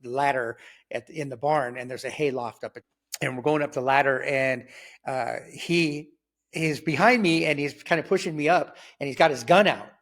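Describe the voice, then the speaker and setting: A man in his sixties telling his life story in conversation, lively and rambling, with lots of fillers and sudden jumps in pitch when he acts out other people's voices. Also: normal speed. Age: 60s. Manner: loose and rambling, full of fillers and restarts. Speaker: guest sharing his testimony.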